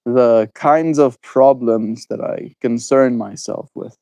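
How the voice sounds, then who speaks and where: A South African man in his twenties, chatting with viewers in a slow, musing way during a stream. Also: mid-range voice, dark tone, poor audio. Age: 20s. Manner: slow, drawn-out and musing, laughs easily. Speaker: daily livestreamer. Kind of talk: reflective stream chat with viewers.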